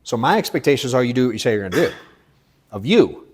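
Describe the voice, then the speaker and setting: A blunt, profane man in his thirties leads a live sales coaching session. He hammers his points hard, then drops to a low, muttered register. His voice sits at an ordinary middle pitch. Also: sing-song, fast talker, slightly rough. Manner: blunt, profane, swings from emphatic to low and quiet.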